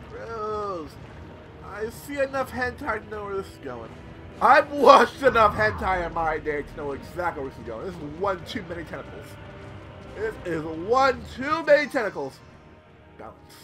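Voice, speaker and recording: Young male let's-player: very high, animated voice, yelps and swears, game music under him. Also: measured pace, rough recording. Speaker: let's play gamer. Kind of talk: live gameplay commentary. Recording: loud game music behind voice.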